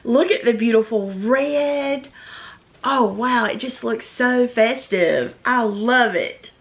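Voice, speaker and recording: A woman's voice: fairly high pitch, slow. A woman gushing and gasping with delight as she opens gifts in a casual unboxing vlog. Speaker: vlogger unboxing a gift box.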